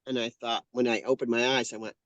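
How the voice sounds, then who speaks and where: A man in his fifties tells a personal story as an interview guest, speaking in an earnest, heartfelt way and often restarting his sentences. His voice sits at an ordinary pitch for a man. The recording is close and dry, with almost no room sound. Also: little pitch movement, quick pace, a bit bright, no echo, lo-fi sound. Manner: earnest, heartfelt, lots of self-corrections. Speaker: guest, painter and channeler.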